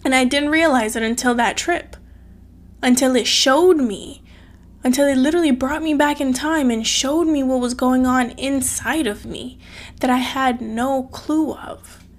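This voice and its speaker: A woman's voice: high voice, unhurried. Earnest tearful woman telling her story. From outside the US. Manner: earnest, repetitive, emotional, full of "like" fillers. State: tearful at times. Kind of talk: emotional personal storytelling to camera. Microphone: phone or camera.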